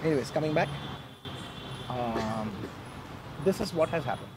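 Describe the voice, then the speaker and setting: A man's voice: a little high, lively intonation, unhurried, background noise. A man giving an earnest, emotional statement to reporters, often repeating himself. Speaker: film actor speaking to the press. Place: outdoor garden during a press meet.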